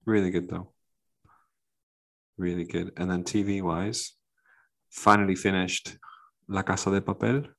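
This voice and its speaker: A man's voice: low-pitched, little pitch movement, a little slow, gravelly, pauses often. A man co-hosting a podcast, chatting casually over a call with wry, teasing asides. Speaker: podcast co-host.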